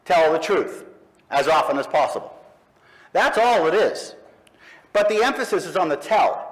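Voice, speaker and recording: A middle-aged man with a fairly high voice addresses a live audience. He delivers a forceful speech in slow, punchy statements, pausing pointedly between them. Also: lively intonation, low-quality recording. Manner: emphatic, slow, punchy declarations with pointed pauses. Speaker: speaker at an atheist convention. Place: live event in front of an audience.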